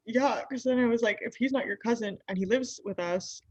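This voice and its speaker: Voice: mid-range voice, a little fast, a little mellow, no room sound, dull audio, lightly acted. A performer playing a naive young husband who rambles in an improvised comedy bit, padding every phrase with "like". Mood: indignant. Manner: rambling, full of "like", mimics others' voices. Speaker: recurring comedy character.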